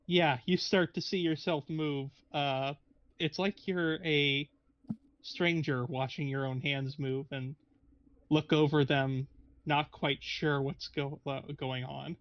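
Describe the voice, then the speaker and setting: Gm guy narrating a tabletop game, slightly high voice, dull lo-fi sound, meanders a lot. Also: steady tone, slow, a bit bright. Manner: meandering, hesitant, frequent restarts. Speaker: game master.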